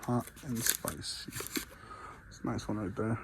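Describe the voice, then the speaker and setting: A man's voice: on the low side, measured pace, creaky, very noisy. Out-of-breath man touring a fireworks store. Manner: chatty, enthusiastic, rambling. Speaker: vlogger. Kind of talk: casual walk-through vlog. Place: large fireworks store, indoors.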